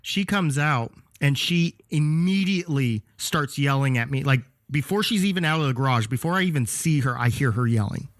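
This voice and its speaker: A man co-hosting a podcast, telling a profane, animated story about a rude customer in a casual way. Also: medium pitch, normal speed, few pauses, no echo, studio quality. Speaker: podcast co-host.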